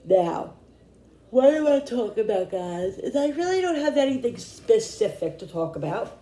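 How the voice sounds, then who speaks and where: Tired, hoarse middle-aged woman rambling. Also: lowish voice, dark tone. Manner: rambling, repeating herself. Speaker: vlogger. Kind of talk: casual chat to camera. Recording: echoey room.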